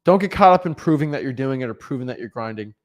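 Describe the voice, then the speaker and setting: A young man giving casual motivational advice as a real estate coach, animated, often repeating and restarting words. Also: medium pitch, fast talker. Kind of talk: casual motivational vlog talk.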